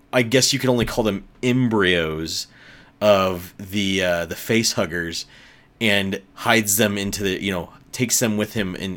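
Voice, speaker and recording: A man's voice: lowish voice, a bit bright. A man giving a casual spoken film review, exasperated and ranting, swearing often.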